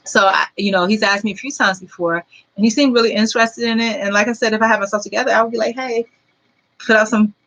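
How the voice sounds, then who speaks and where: Woman in her forties, bright clear voice, earnest rambling vlog talk, lots of fillers. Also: mid-range voice, fairly even intonation, rapid-fire, low-quality recording. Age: 40s. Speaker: vlogger. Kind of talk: casual storytelling to viewers.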